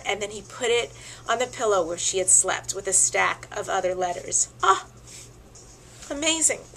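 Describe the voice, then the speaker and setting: Expressive woman telling a tribute story. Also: medium pitch, a little hiss or hum, poor audio. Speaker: host.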